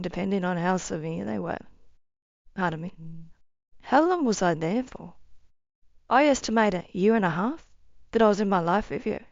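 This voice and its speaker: A woman giving an earnest, emotional personal testimony, her phrases often trailing off softly. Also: medium pitch, creaky, dry recording, lo-fi sound. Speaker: near-death experience storyteller.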